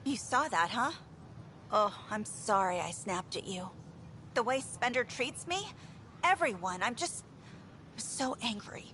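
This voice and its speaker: A mid-pitched female voice a fed-up engineer in a game, venting in an outspoken, exasperated way. A faint hiss sits under her. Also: expressive, a little slow, sharp tone. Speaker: game character.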